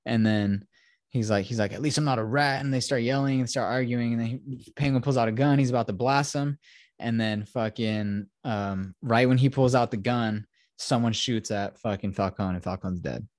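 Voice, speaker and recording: A man's voice: mid-range voice, normal speed, darkish tone, dry recording, studio quality. A young man hosting a podcast, giving a rambling, profane retelling of a film plot in casual chat. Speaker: podcast host.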